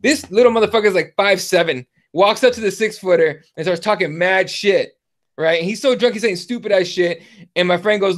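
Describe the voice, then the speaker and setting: A man's voice: high voice, a little fast. A man in his thirties hosting a podcast, telling a rambling story full of fillers and swearing. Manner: profane, rambling, lots of fillers. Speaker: podcast host. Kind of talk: casual chat, storytelling.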